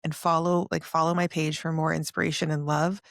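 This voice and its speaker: A woman's voice: low-pitched, flat delivery, a little fast, vocal fry, dry recording, studio quality. A young woman hosting a podcast interview, chatting casually and animatedly, often laughing. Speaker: podcast host.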